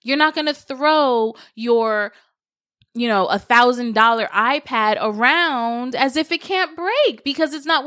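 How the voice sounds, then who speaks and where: Earnest woman podcaster, smooth and dry. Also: high-pitched, no room sound. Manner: earnest, advice-giving, animated when recounting. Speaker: podcast host. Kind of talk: casual solo podcast talk.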